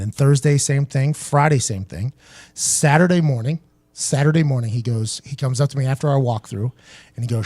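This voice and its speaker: A man's voice: mid-range voice, fairly quick, no room sound. A young man hosting a talk show, telling a long, profane story and acting out what other people said. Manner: animated, profane, acts out other people's lines. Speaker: podcast host. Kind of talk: casual storytelling.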